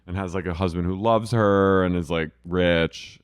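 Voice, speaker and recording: Man, very low voice, smooth and resonant, laid-back podcast chat, dry close sound. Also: fairly even intonation, moderate pace, no echo. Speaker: podcast co-host. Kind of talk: casual chat recapping a TV show.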